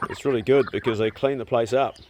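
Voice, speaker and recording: A man's voice: mid-range voice, steady tone, quick pace, a little mellow, slight background noise. A man with a New Zealand accent, chatting casually through a farm vlog filmed outdoors on his phone, talking to his animals as he goes. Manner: chatty, easygoing, talks to animals. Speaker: vlogger.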